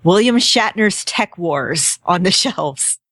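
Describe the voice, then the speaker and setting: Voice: medium pitch, animated, slow, fairly bright tone, dry recording. A podcast co-host chatting playfully and laughing often. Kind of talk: casual podcast chat.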